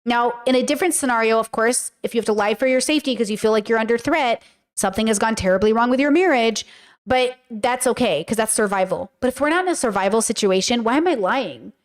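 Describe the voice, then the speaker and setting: A woman with a high voice hosts a casual commentary podcast. She talks in a chatty, animated way and slips into quick acted-out lines of dialogue. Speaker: podcast host reacting to a clip.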